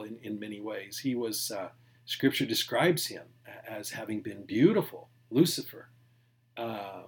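A man, a pastor, preaching a sermon in a conversational way, stressing key words and dropping to near-whispered asides. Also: mid-range voice. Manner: emphatic, swinging from loud to near-whispered asides; conversational, with restarts and small laughs.

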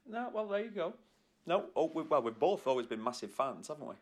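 A man's voice: fairly high pitch, brisk. A man co-hosting a podcast from the UK, chatting and telling jokey stories with plenty of laughs. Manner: jokey, animated, laughing storyteller. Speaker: podcast co-host. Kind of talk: casual chat.

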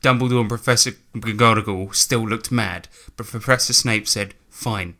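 A man's voice: lowish voice, steady tone, moderate pace, sharp tone. A male podcast co-host giving a comic reading aloud, with mock emphasis and wry asides. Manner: reads with mock emphasis, breaks off into laughter and asides.

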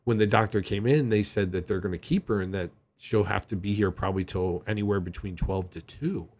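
A man's voice: lowish voice, a little fast. A man telling a personal story to camera in a casual, rambling way, often restarting his sentences. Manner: rambling, animated retelling with frequent restarts. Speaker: vlogger.

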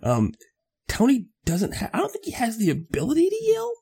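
A man's voice: very high-pitched, wildly swooping pitch, fairly quick, creaky, warm tone, slightly rough. A man co-hosting a podcast, brash and blunt as he jokes through a show recap. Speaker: podcast co-host. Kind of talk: casual recap chat.

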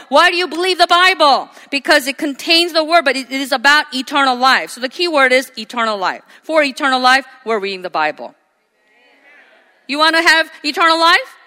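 A woman in her forties preaching a sermon, moving between loud, emphatic lines and quiet, conversational asides. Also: high voice, in a large hall. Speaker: pastor.

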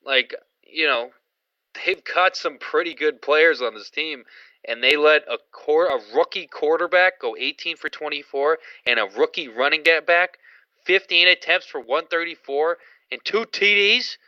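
A man's voice: a little high, moderate pace, no room sound. A man co-hosting a sports podcast in easygoing chat, often hedging with "I mean". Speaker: podcast co-host. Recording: dry, dull lo-fi podcast audio.

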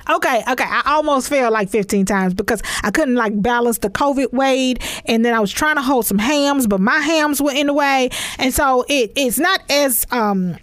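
A woman from Texas, telling a comic story in an animated, sassy way. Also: sits high, normal speed, hardly any pauses, dry recording. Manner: animated, emphatic, sassy asides. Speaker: comedian.

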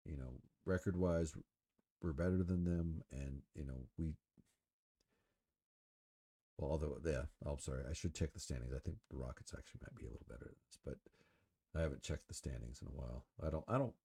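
Very deep, dark-voiced man rambling casually. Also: fairly quick, pauses often, husky. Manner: rambling, full of fillers and swearing; relaxed, smoking while talking. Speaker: podcast host. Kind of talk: casual solo sports talk.

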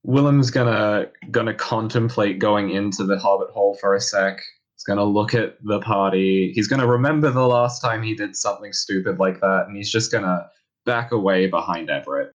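A man's voice: lowish voice, moderate pace, lo-fi sound. A man playing a tabletop game, casually describing his character's actions. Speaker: player.

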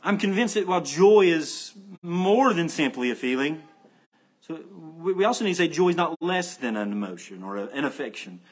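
A male pastor delivers a sermon in a somewhat high-pitched voice. He stresses key phrases by repeating them and talks directly to his congregation in a conversational way. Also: expressive, moderate pace.

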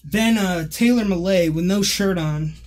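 A man's voice: high voice, a little slow. A man casually telling a story, laughing often and acting out what people said. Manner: laughing, animated retelling with acted-out quotes.

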